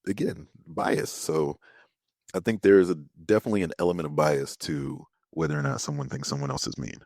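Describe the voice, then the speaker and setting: Deep gravelly lively man from Houston. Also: dry recording, studio quality. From Houston, Texas. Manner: animated, laughing, drawn-out emphasis. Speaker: podcast co-host. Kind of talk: casual podcast chat.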